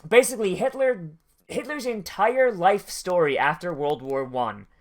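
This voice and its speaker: An anime watch-along host giving casual, profane commentary that wanders into long tangents. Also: mid-range voice. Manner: profane, rambling and tangential storytelling.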